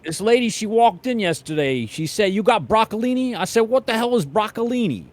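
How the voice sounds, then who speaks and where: A man playing a brash, loud New deli counterman, pitched well above his own voice and pushed hard. He rants with indignant disbelief. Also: expressive, brisk.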